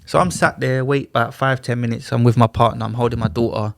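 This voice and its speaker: A podcast guest with a middle-pitched voice and some vocal fry recounts his story to the host in easygoing street slang, fairly quickly and with few pauses. He acts out other people's lines with lively shifts of voice. The studio podcast mic sound is close and dry, with no room around it.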